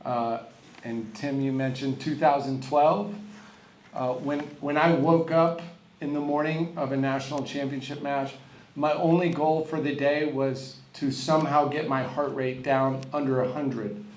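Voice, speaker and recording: A man's voice: mid-range voice, steady tone, a little slow, slight background noise. Wry middle-aged man in an echoey hall. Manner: self-deprecating storyteller, candid and wry. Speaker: hall of fame inductee, college tennis coach. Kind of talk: acceptance speech. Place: large banquet hall. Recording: echoey hall with faint room ambience.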